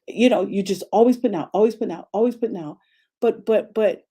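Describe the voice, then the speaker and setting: Mellow husky woman pastor preaching. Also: lowish voice. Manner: lively, repeats phrases for emphasis, asks rhetorical questions. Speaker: pastor and coach. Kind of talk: motivational faith talk.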